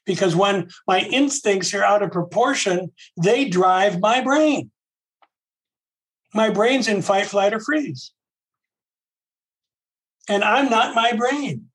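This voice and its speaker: A man's voice: high-pitched, slow, pauses often, a bit bright, rough recording. A man giving a casual, conversational talk on a recovery program, often repeating himself and voicing his own inner thoughts aloud.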